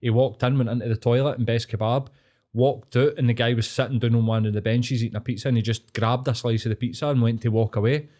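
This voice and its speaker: A man's voice: medium pitch, fast. A Glaswegian man co-hosting a podcast, chatting casually and telling stories full of swearing. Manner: sweary, animated storyteller. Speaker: podcast co-host. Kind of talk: casual storytelling chat.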